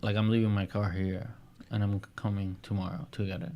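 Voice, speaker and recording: Hesitant low-voiced podcast host. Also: male voice, little pitch movement, brisk, warm tone. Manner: hesitant, full of uhs. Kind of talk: casual chat.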